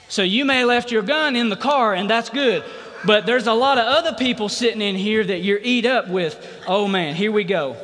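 Male pastor, high-pitched, preaching with call-and-response, reverberant church hall. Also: moderate pace, a bit bright, a little hiss or hum. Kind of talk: sermon.

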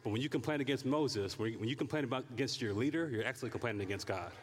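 A male pastor preaching a lively sermon, acting out people's prayers and complaints in different voices. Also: medium pitch, very fast, big-room sound, a little hiss or hum. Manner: animated, acts out prayers and complaints in character voices.

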